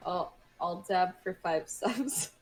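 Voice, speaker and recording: A woman's voice: fairly low pitch, slow pace. Teasing, blunt woman on a stream. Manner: teasing, blunt, swears freely. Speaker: co-host on a stream. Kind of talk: casual livestream chat.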